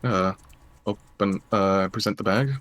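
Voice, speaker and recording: A man's voice: lowish voice, steady tone, measured pace, a bit bright, dry recording. A man playing a tabletop role-playing game, talking in a hesitant way with lots of fillers and tag questions. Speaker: player. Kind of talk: tabletop role-play as a player.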